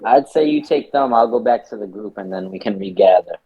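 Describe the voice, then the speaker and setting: A man's voice: fairly low pitch, animated, fairly quick, breathy edge. Man player, casual and hesitant, dull lo-fi mic. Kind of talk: casual tabletop role-play. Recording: dull lo-fi sound.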